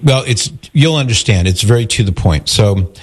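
A man's voice: fairly low pitch, moderate pace, a little hiss or hum. A man hosting a call-in radio show, telling a personal story and acting out the people in it. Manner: storytelling, animated when quoting others.

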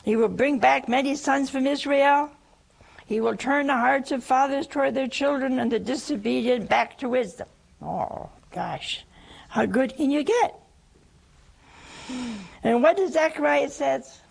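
An older woman preaching a sermon, humorous and animated, acting out the quotes she tells. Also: high voice, unhurried, gravelly.

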